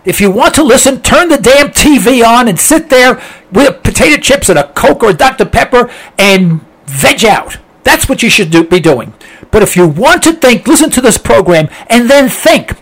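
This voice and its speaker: A man's voice: extremely high pitch, big pitch swings, moderate pace, a bit bright. A man hosting a talk show, rambling conversationally as he reads listener mail, with many fillers and restarts. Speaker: radio talk show host. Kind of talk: casual monologue reading listener mail.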